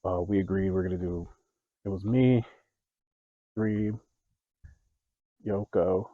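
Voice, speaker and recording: A young man telling stories from his life in a casual vlog, animated, laughing and growing loud when excited. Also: sits low, slow, no echo, phone-quality sound. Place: outdoors.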